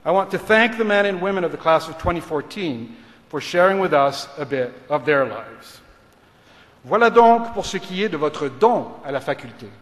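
A middle-aged man, a law school dean, giving a formal graduation speech in a measured, rhetorical manner, moving between English and French. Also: a little high, lively intonation. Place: large ceremony hall. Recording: reverberant hall.

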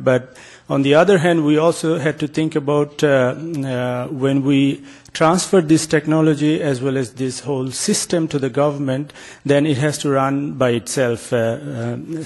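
A man's voice: on the high side, a little mellow, husky. A man presenting a research project in an academic talk, hesitant, with many filler sounds and restarts.

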